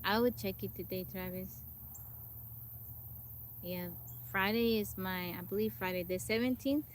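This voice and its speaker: A woman's voice: medium pitch, unhurried, slight background noise. Chatty woman streaming from the forest. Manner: chatty, greets viewers and reads out their comments. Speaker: livestream host. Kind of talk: casual live-stream chat. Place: outdoors in a forest.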